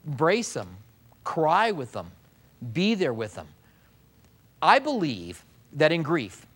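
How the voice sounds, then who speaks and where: Conversational preaching pastor, fairly high voice. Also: male voice, a bit bright. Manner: conversational preaching with mimicked asides and restarts. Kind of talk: sermon.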